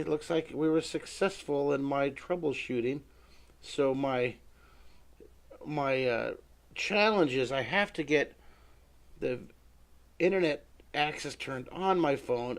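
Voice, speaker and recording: A middle-aged man leading a live drawing lesson, chatting to viewers and talking himself through each sketch. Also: mid-range voice. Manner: chatty, talks to himself while sketching, greets viewers by name. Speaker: drawing teacher.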